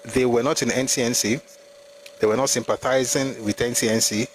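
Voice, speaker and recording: A Nigerian-accented man hosts a live history talk at a mid pitch. He argues hard, firing off rhetorical questions and answering them himself. A faint noise sits under his voice. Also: steady tone, fairly quick, low-quality recording. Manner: argumentative, full of rhetorical questions. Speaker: host.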